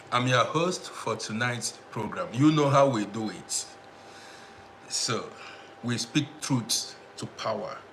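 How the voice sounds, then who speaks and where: A man's voice: on the low side, background noise. A man hosting a casual live stream, greeting viewers by name and repeating himself as he talks to the audience. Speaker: livestream host.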